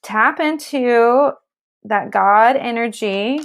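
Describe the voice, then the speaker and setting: A woman's voice: a little high, slow. A woman giving a live tarot card reading, talking straight to viewers with blunt, emphatic tough-love advice, some swearing, and a constant "okay?" to check in. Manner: keeps checking in with "okay?" and "all right?".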